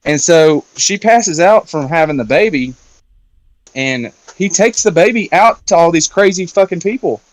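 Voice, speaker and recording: Chatty man retelling a film, higher voice. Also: expressive, normal speed, no room sound. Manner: loose and chatty, with frequent fillers and swearing. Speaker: round-table discussion guest. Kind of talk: casual chat, retelling a film plot.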